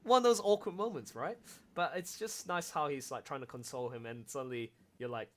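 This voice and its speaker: A man directing an audio drama, hosting a casual, excitable watch-along and laughing often as he gushes about scenes. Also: medium pitch, brisk. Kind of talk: casual commentary chat.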